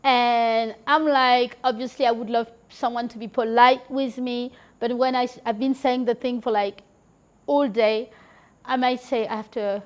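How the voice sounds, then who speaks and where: A woman's voice: fairly high pitch, fairly even intonation, unhurried. A woman guest on a podcast, chatting casually and telling stories, with lots of "like" and "you know" and the odd laugh. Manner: chatty, heavy use of filler "like" and "you know". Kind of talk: casual conversational storytelling.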